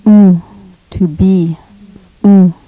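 A woman leads a recorded language lesson at a very slow, measured pace, repeating each phrase for listeners to copy. Her voice sits low and stays level, with little rise or fall. The sound is dull and lo-fi, from an old cassette tape. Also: fairly even intonation, dry recording, faint music behind. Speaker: language teacher.

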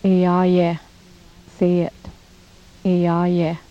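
A woman leads a recorded language lesson at a very slow, measured pace, repeating each phrase for listeners to copy. Her voice sits low and stays level, with little rise or fall. The sound is dull and lo-fi, from an old cassette tape. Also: monotone. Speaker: language teacher.

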